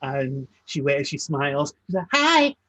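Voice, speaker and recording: A man's voice: mid-range voice, steady tone, a little slow, no echo, poor audio. Man narrating as game master, hesitant.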